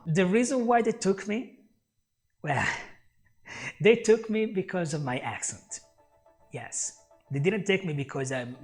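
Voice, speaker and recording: A non-native English teacher shares upbeat job tips straight to camera, frequently calling the viewer "my friend." His male voice is a little high with vocal fry, and faint music plays underneath.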